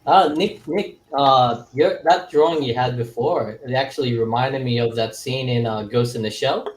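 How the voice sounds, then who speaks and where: A man chatting casually and eagerly praising the others' drawings. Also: medium pitch. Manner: enthusiastic, quick to praise. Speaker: comic artist on a live stream. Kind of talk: casual chat. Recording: echoey room.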